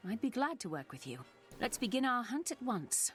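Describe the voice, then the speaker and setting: An actress voicing a calm, capable elf heroine in a video game, speaking in a composed, reassuring way. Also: female voice, a little high, moderate pace, faint music behind. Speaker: game player character.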